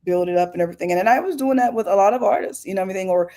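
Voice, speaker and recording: A middle-aged woman from Oakland, California, appears as a singer guest in a casual interview chat, telling stories lively and with many fillers. Her voice is mid-range and she talks at a racing speed.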